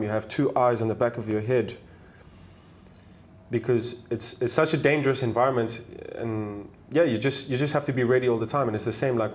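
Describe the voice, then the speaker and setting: A young South African man, a travel video maker, casually telling stories as an interview guest and acting out the voices of people in them. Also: medium pitch. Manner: animated, acts out voices in his stories. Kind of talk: casual storytelling.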